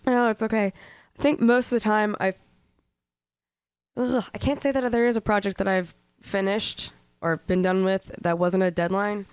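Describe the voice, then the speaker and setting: A man's voice: sits high, fairly even intonation, moderate pace, smooth, dry recording. A man co-hosting a podcast, an artist talking casually and easygoing about his work. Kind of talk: casual chat.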